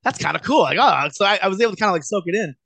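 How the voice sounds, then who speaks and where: A man in his late thirties spins stories with a loose, rambling ease, his voice sitting a touch higher than most men's. The sound is dry and close, with no room around it. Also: racing, creaky, no echo. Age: late 30s. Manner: rambling, relaxed, with lots of "like" and "man". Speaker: guest wrestler. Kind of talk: casual storytelling in a podcast interview.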